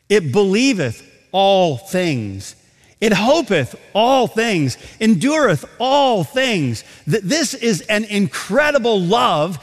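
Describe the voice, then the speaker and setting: Animated male preacher in a reverberant hall. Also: high-pitched. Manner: emphatic preaching with rhetorical questions and varied pace. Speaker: pastor. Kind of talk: sermon. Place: large auditorium.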